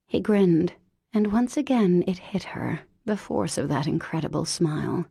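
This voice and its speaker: Woman narrator for a romance audiobook, mellow and low, wry delivery. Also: animated, unhurried, creaky, slightly rough, no room sound, clean studio sound. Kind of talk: scripted narration.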